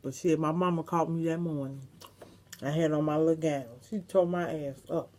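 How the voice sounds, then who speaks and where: A woman's voice: low-pitched, steady tone, normal speed, darkish tone. A middle-aged woman vlogger, chatting casually and reminiscing to her viewers, with some salty language. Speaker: mukbang vlogger.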